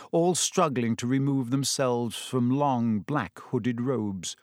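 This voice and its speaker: A man narrating a storybook with a lively, expressive reading. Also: mid-range voice, no room sound, clean studio sound. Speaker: audiobook reader.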